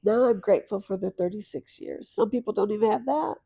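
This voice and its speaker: A middle-aged woman speaks as a podcast guest, recounting loss with tearful earnestness. Her tone is dark and mellow, dropping to near whispers and then rising to loud, emphatic bursts. The recording is close and dry. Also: mid-range voice, brisk, creaky, breathy edge, no room sound. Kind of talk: emotional personal storytelling.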